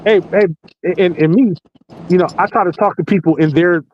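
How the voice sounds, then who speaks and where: A man's voice: high voice, a little fast. A man in his forties, a podcast host, telling profane stories in a casual chat and laughing as he goes, recorded inside a parked vehicle. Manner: animated, profane, laughing storyteller. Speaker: podcast host working night security patrol. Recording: muffled lo-fi with faint hiss.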